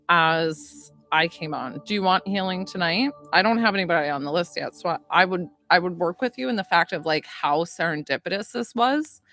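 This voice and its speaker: A woman who works as a psychic medium and healer, chatting excitably on a livestream and greeting her viewers by name. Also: lowish voice. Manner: gushing, excitable, chatty, reads out viewer names. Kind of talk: excitable casual livestream chat.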